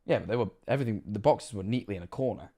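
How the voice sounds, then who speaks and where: A young man streaming reaction commentary, casual and sweary, breaking into loud excited outbursts. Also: lowish voice, racing.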